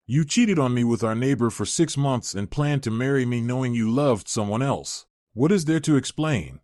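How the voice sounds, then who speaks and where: A man lightly acts the part of a betrayed young woman, speaking firmly and coldly. His mid-range voice has lively intonation, a moderate pace, and a darkish tone, captured at studio quality with no room sound.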